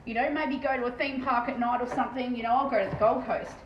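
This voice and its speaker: A woman with an Australian accent chatting fast and casually on a live stream as she paints terrain, swearing freely. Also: a little high, fairly even intonation, dull audio. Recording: echoey room with faint background noise.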